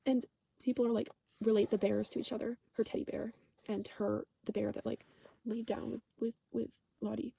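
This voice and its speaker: A woman rambles through a casual TV recap, peppering it with "like", swearing and stopping to correct herself. Her voice sits a bit high, mellow in tone, with a gravelly fry running through it. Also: level tone, moderate pace, no echo. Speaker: channel host recapping a TV show.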